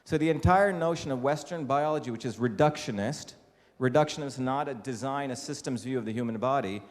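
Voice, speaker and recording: Brisk and mid-range, the voice belongs to an Indian man giving a public lecture as an invited speaker. He talks emphatically, regularly asking the audience rhetorical questions, in a hall whose acoustics ring with reverberation.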